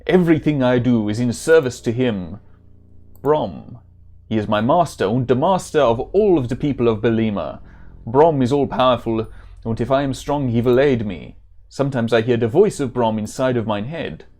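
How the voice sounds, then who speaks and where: A man's voice: medium pitch, lively intonation, moderate pace, darkish tone, close to an everyday voice. A man voicing a stern, earnest adult male warrior with a put-on German accent and formal old-style speech.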